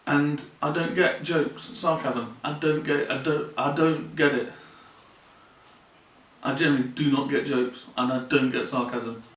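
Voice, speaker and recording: A man's voice: a little high, steady tone, a little slow, fairly bright tone. A man talking earnestly and plainly in a personal vlog from his mother's home, often repeating his phrases. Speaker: vlogger. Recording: roomy sound from a distant mic.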